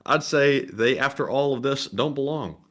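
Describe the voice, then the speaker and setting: A man's voice: mid-range voice, normal speed, a bit bright. A man co-hosting a livestream, reading out donor names and messages and sometimes stumbling over names. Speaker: co-host reading donations.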